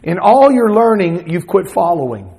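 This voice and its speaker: A middle-aged man with a Southern accent preaching a sermon, expressive, at times acting out the words of Jesus. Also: sits high, moderate pace, gravelly, rough recording. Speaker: pastor.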